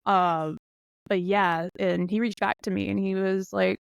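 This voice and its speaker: A woman's voice: mid-range voice, steady tone, unhurried, creaky, clear, resonant tone, dry recording. A woman guest on a podcast, chatting casually and laughing often. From eastern United States. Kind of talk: casual chat.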